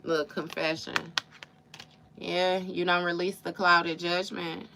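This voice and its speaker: A woman's voice: on the low side, level tone, slow, vocal fry, heavy background noise. A woman giving a live tarot reading in casual chat, swearing freely and reciting song lyrics in rhythm to make her point. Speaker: tarot reader.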